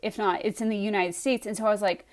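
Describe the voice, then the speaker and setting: A young woman telling a personal story in a casual, animated way, acting out her own reactions as she goes. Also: mid-range voice, fast.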